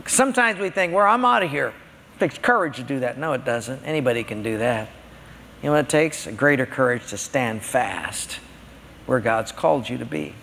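Gravelly-voiced pastor preaching. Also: male voice, medium pitch, normal speed, slight background noise. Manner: animated storyteller, conversational. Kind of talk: sermon. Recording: long hall reverb.

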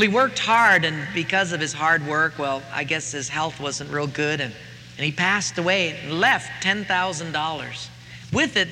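A man's voice: a little high, sharp tone, slight background noise. A middle-aged man preaching a sermon, telling a story in a folksy, earnest way, recorded in a reverberant church hall with faint ambience.

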